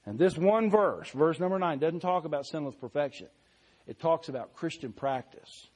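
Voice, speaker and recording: Man preaching, slow deliberate scripture reading. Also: fairly high pitch, animated. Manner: reads scripture slowly and deliberately; swells louder on key phrases, then drops soft. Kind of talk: sermon.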